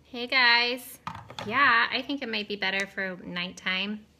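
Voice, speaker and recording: A woman's voice: a little high, takes it slowly, pushed and bright, slight background noise. A woman in her thirties chatting casually on a live stream, giggly and rambling off on tangents. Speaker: cosmetics seller streaming live. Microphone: webcam or phone on camera.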